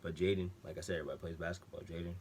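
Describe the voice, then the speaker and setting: A young man telling a personal story in a casual, animated way, full of slang and acted-out quotes. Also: sits low, very fast, a little hiss or hum. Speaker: vlogger.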